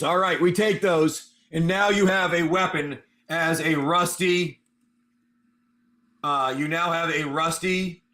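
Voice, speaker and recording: A man with a high-pitched voice hosts a stream and runs a tabletop game. His narration is animated and excitable. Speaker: live stream host and game master.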